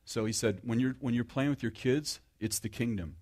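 A middle-aged man delivers a chatty sermon in a medium-pitched, somewhat dark voice at a moderate pace. He pokes fun at himself, frequently starts sentences over, and addresses questions to the crowd.

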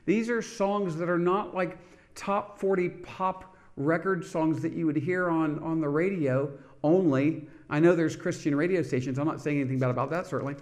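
A man's voice: fairly high pitch, moderate pace, a little mellow. A middle-aged man preaching and hosting a televised sermon program, fervent, stressing his words and calling out hallelujah.

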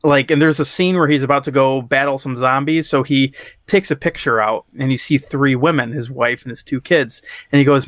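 A man's voice: medium pitch, fairly even intonation, a little fast, a bit bright, no echo, studio quality. A man casually recapping a movie on a podcast, rambling and profane, laughing at his own story and acting out lines. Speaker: podcast co-host reviewing a movie. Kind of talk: casual chat.

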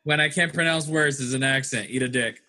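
A young man trading quick, defensive jokes as a guest in a casual podcast chat. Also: mid-range voice, crowd noise.

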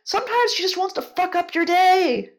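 A woman's voice: very high-pitched, lively intonation, moderate pace. A woman from the United States co-hosting a casual podcast, playful, laughing and swearing often. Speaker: podcast co-host.

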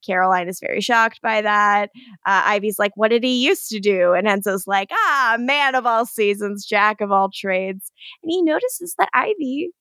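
A woman co-hosting a podcast, recapping an episode in casual chat, animated and profane, acting out the characters' lines. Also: medium pitch, moderate pace, dry recording, studio quality. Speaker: podcast co-host.

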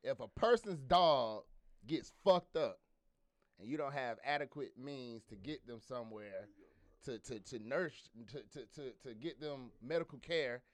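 A man's voice: medium pitch, dry recording. Laid-back man explaining in casual chat. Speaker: podcast co-host.

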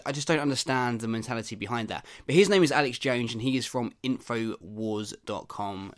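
A man's voice: medium pitch, vocal fry. A man hosting a podcast, giving wry and chatty commentary on the news. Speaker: podcast host. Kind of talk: casual topical commentary.

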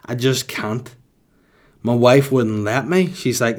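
A man's voice: medium pitch, slow pace. A man in his thirties hosting a solo podcast, rambling crudely and jokingly with lots of swearing. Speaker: podcast host.

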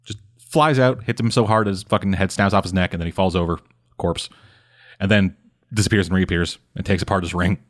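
A man casually recapping a comic book on a podcast, rambling and swearing often, with dry, deadpan asides. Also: low voice, brisk. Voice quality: rambling, profane, deadpan summary. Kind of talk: casual chat.

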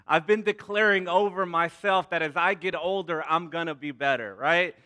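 A man's voice: a little high, moderate pace, bright, forceful tone. A man in his thirties, a pastor leading prayer and preaching to a congregation, repeating words and calling out to the crowd. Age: 30s. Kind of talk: sermon with prayer.

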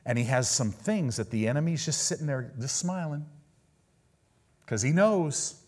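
Male preacher, mid pitch, chatty sermon delivery with sudden emphatic peaks. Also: lively intonation, a little slow, a little mellow.

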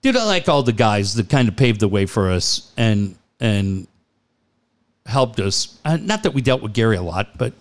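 A man's voice: fairly low pitch, very animated, moderate pace. A middle-aged man co-hosting a podcast in casual, profane banter, joking and acting out quoted lines. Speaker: podcast co-host.

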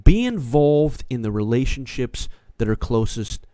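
A man's voice: medium pitch, very animated, unhurried, warm tone, no room sound. A man preaching a sermon as pastor from a small studio, emphatic and repetitive, often calling out to his listeners. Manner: emphatic, repeats key phrases, calls on listeners.

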